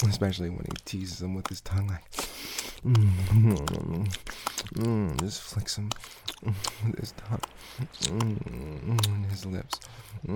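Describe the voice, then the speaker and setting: A man doing intimate audio role-play, murmuring softly with frequent hums and sighs. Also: fairly low pitch, heavy background noise.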